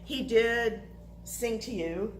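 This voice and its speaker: A woman telling a personal story to listeners, animated and laughing through the funny parts. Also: on the high side, slow pace, slight background noise, rough recording.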